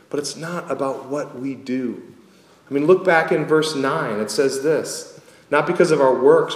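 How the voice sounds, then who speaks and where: A man preaching a sermon as pastor, earnest and lively with wry asides, in a church sanctuary. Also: fairly high pitch. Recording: echoey hall with long reverb.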